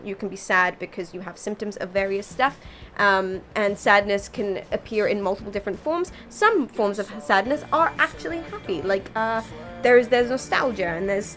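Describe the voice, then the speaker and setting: A young British woman chats with her viewers during a game stream, drifting from one tangent to the next with jokes along the way. She sounds tired but keeps talking in an easy, mid-pitched voice. Faint game music plays softly underneath. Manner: rambling, tangential, jokey. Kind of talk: casual chat with viewers while gaming.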